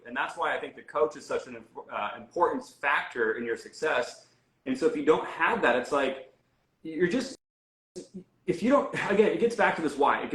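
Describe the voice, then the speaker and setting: A man's voice: a little high, fairly bright tone, reverberant, low-quality recording. A man speaking as a guest health coach in an interview, talking casually with many fillers and restarts. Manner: conversational, frequent fillers and restarts.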